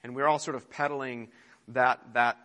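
A man's voice: mid-range voice, fairly even intonation, normal speed, pushed and bright. A man preaching a sermon in a conversational way, opening with a prayer and often restarting his phrases. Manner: conversational preaching with mocking put-on complaint voices; frequent fillers and restarts. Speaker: pastor.

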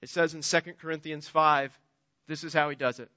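A man's voice: a little high, fairly even intonation, a little fast, bright, forceful tone, no echo, dull audio. A man preaching a sermon as pastor, impassioned and building to emphatic peaks.

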